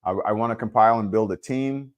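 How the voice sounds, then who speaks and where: Talking fast in a fairly low voice, a Wisconsin livestream host chats informally with his viewers, responding to their comments. His relaxed speech is full of fillers.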